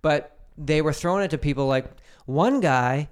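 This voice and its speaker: A man co-hosting a casual podcast chat, telling stories in an animated way, cursing freely and acting out the people he quotes. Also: on the high side, normal speed, clean tone. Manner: animated storyteller, swears freely, acts out quoted voices. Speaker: podcast co-host.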